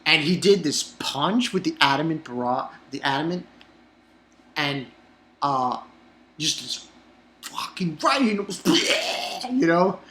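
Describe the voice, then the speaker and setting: A man's voice: on the high side, lively intonation, slow pace, pauses often, fairly bright tone. A man casually recapping an anime episode in a loose, rambling way, swearing often and stumbling over his words. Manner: profane, rambling with many restarts and fillers.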